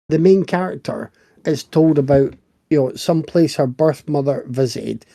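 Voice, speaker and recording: Wry man with a gravelly voice. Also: fairly high pitch, mellow. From Britain. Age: middle-aged. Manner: wry, chatty storytelling. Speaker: podcast co-host. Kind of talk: casual chat.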